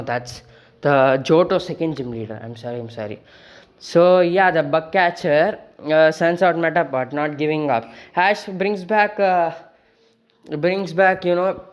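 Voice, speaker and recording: A man's voice: on the high side, a bit bright, clean tone. A man casually retelling a fan story, rambling with many fillers and self-corrections.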